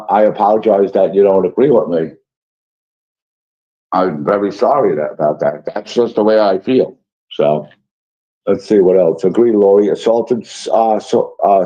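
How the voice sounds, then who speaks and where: A man's voice: lowish voice, warm tone. Rambling man reading his stream chat. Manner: rambling, apologetic, frequent fillers. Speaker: livestream host reading chat. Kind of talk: casual livestream chat. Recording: dull lo-fi stream audio.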